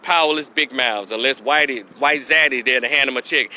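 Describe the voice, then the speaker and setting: A man's voice: medium pitch, fairly quick, pushed and bright. A man delivering a blunt, profane, mocking rant outdoors as an opinion vlogger. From Memphis, Tennessee. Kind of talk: unscripted rant.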